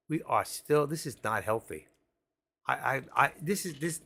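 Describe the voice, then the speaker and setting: Gravelly, forceful man calling live trades. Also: medium pitch. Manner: excitable, frantic, swears mildly, talks to viewers as folks. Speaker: stock options trader streaming live. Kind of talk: live market commentary.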